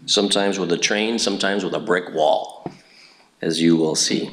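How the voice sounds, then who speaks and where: A man's voice: low-pitched, moderate pace, fairly bright tone, slight background noise, poor audio. Earnest middle-aged man giving testimony. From Indiana, USA. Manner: earnest storytelling with frequent fillers. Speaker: church speaker giving testimony. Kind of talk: personal testimony talk.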